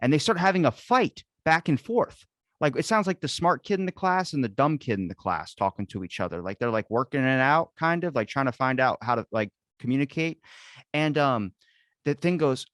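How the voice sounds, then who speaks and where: A man hosting a casual podcast chat, telling stories in an animated, profane way. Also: mid-range voice, a little fast, no room sound, clean studio sound. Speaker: podcast host.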